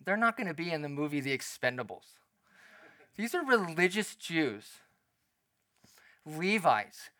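A male pastor preaching in a lively, conversational way, often slipping into the voices of the people in his story. His voice is high and bright, with a lot of spark to it. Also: no room sound. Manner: animated, conversational, acts out quotes. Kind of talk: sermon.

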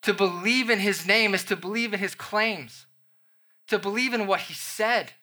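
Man, young adult, pastor preaching, scripture exposition with acted-out scenes, bright forceful tone, slightly high voice. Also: moderate pace. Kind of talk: sermon.

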